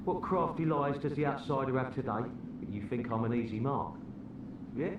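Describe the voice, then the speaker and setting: An actor playing a distrustful, sneering townsman with a gruff Cockney accent. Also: medium pitch, normal speed, highs cut off, natural voice. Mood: mocking. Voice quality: gruff, scornful. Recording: echoey, distant, noisy game audio.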